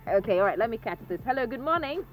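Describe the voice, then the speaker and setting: This is a radio host running a morning talk show. The host talks briskly, moving quickly between callers and the studio guest. Faint music plays underneath. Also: mid-range voice, sing-song, low-quality recording.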